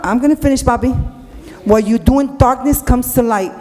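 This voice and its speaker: A woman's voice: fairly high pitch, brisk, warm tone. A woman speaking during public comment at a city council meeting, blunt, emotional and profane. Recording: long reverb of a council hall.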